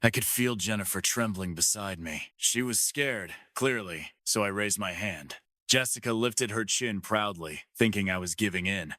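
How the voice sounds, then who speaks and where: A man with a lowish, bright voice tells a love story in the first person. His steady reading sits dry and close to the mic. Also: normal speed, no room sound. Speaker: narrator. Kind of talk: first-person audiobook narration.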